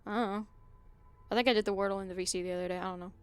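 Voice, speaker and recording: A woman's voice: medium pitch, steady tone, rapid-fire, clear, resonant tone. A young woman streaming a video game, chatting with her viewers in a rambling, casual way and often losing her train of thought. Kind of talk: casual live-stream chat while gaming.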